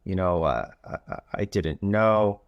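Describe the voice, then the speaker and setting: A man voicing a flustered office worker who stammers and rushes his words. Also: sits low, no echo, dull audio.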